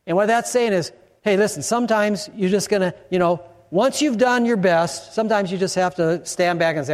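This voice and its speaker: A man in his sixties from Chicago, a pastor preaching a sermon in an animated way, now and then rising to shouts for emphasis. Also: high voice, moderate pace. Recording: long hall reverb.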